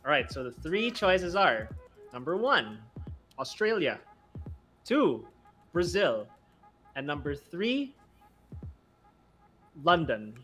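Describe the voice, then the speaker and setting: Bright, giggly man co-hosting. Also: a little high, big pitch swings, slow pace, long pauses, soft background music. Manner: giggly, keeps breaking into laughter. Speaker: podcast co-host running a trivia quiz. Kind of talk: casual gaming podcast chat.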